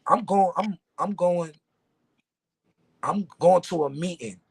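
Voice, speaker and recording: A man's voice: high voice, slow, breathy edge, voice pushed up, heavily acted. A man putting on a brash record-label boss. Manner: swaggering, profane, commanding.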